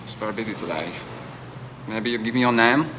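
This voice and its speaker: A man's voice: lowish voice, fairly quick, sharp tone, slight background noise. An actor playing a prim, fussy male art gallery clerk with an unplaceable put-on foreign accent, mangling his English. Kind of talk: film scene acting.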